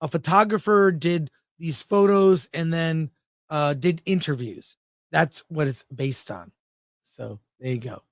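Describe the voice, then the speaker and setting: Brash high-voiced male film critic. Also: measured pace, no room sound. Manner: brash, blunt, jokey, reads viewer comments aloud. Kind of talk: casual livestream film review chat.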